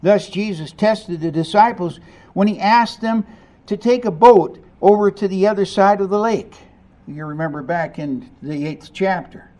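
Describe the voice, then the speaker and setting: A man preaching a sermon as pastor, moving between hushed and emphatic lines and asking the congregation rhetorical questions. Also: high-pitched, moderate pace.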